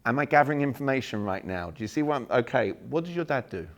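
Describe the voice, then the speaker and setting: A man's voice: medium pitch, fast. A man, leading a live workshop and acting out sample messages for the audience. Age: 40s. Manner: animated, acts out sample messages, jokes with the room. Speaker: workshop speaker. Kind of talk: live seminar talk to an audience.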